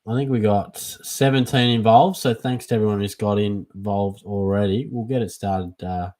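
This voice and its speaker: Young Australian man, relaxed, mate-heavy chat, casual live Q&A. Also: lowish voice, moderate pace. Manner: laid-back and chatty, calls everyone mate. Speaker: fantasy football livestream host.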